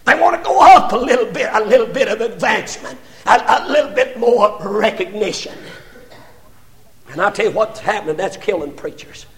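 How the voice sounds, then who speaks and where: An older man preaching a sermon, impassioned and often rising to shouts, with stammered repetitions as he builds. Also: high-pitched, expressive, normal speed.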